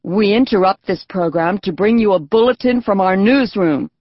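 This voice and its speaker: A woman's voice: medium pitch, normal speed, dry recording, highs cut off, lightly acted. A woman voicing a formal male radio announcer from the 1940s in an audiobook.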